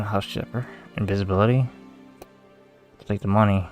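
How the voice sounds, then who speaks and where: A man's voice: lowish voice, a little slow, long pauses, soft background music. A young man giving casual, swearing commentary as he plays a game, muttering to himself and getting easily aggravated. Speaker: gamer streamer.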